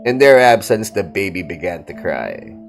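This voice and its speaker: A man narrating a fantasy audiobook in a steady, dramatic storytelling style. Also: low voice, a little slow, soft background music. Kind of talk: audiobook reading of fantasy fiction.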